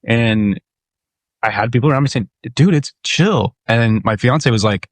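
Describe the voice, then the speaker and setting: Man hosting solo podcast, low voice, dry close sound, candid and profane, rambling. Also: moderate pace, dry recording. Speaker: podcast host. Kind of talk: casual solo monologue.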